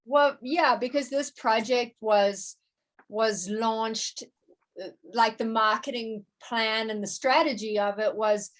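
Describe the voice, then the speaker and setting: Interview guest: woman, slightly high voice, casual and stop-start. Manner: halting, many restarts and fillers. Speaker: musician and producer, interview guest.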